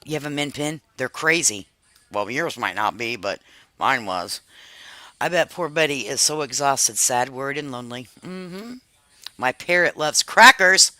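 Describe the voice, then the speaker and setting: A woman's voice: rumbling low, expressive, a little slow, bright, forceful tone, no room sound. A middle-aged woman hosting a live stream, chatting casually with viewers, laughing often and swearing freely. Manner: frank and talkative.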